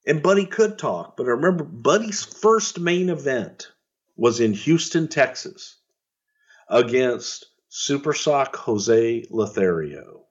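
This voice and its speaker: A man's voice: mid-range voice, animated, slow pace, husky, highs cut off. A middle-aged man telling wrestling stories in casual podcast chat, profane and rambling, with chuckles. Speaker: podcast storyteller.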